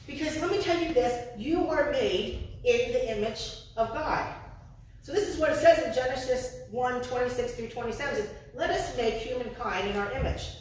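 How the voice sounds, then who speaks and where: A woman's voice: high voice, moderate pace, slight background noise. A woman preaching a sermon in a conversational storytelling way, now and then acting out the voices of the people in her story. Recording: echoey room, heard from a distance.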